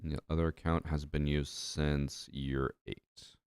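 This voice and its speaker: Very deep-voiced young man streaming a game. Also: unhurried, smooth, no echo. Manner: relaxed, rambling, lots of "like" fillers. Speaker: gaming streamer. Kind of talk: casual live-stream chat while playing. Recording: steady clicking noise in background.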